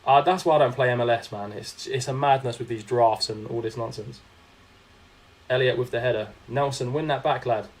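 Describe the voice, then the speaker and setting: Speaking a little fast at medium pitch, a young man commentates his own game on a live stream. He keeps it chatty, reacting to the game and reading chat aloud to answer his viewers.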